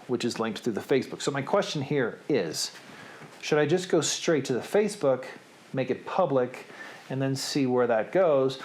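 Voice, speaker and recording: A middle-aged man talks casually to camera about his own series, drifting from point to point. His manner is chatty and self-deprecating, with a voice of ordinary pitch for a man. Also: a little mellow. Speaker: host of a reading series.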